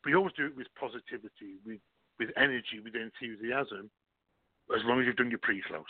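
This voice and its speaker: A man's voice: mid-range voice, brisk, slightly rough, dry recording. A man who works as a recruiter, a guest on a talk show, explaining his approach through worked examples. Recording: tinny phone line.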